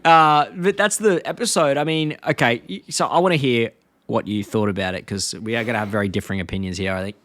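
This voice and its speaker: A man's voice: medium pitch, fast, fairly bright tone, no echo. A male podcast co-host, casually chatting and recapping a cartoon episode in a rambling way. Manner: rambling plot recaps, acting out quotes in bursts.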